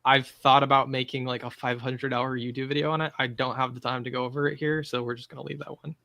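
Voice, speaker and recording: A man guest hosting a casual group chat, opinionated and animated, talking in quick asides. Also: mid-range voice, vocal fry, no echo, clean studio sound. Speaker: guest host.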